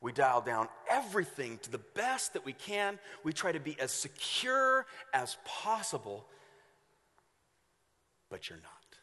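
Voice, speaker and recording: A man preaching a sermon as pastor, telling stories in an animated way and acting out the voices of the people in them. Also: fairly high pitch, unhurried, in a large hall. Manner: animated storytelling with acted-out voices.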